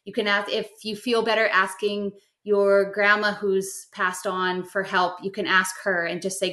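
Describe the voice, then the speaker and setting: Middle-aged woman guiding gently, roomy sound. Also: mid-range voice, little pitch movement, a little slow, hardly any pauses. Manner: gentle, instructive, step-by-step guidance. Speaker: guest teaching spiritual practice. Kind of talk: explanatory podcast chat. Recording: roomy echo.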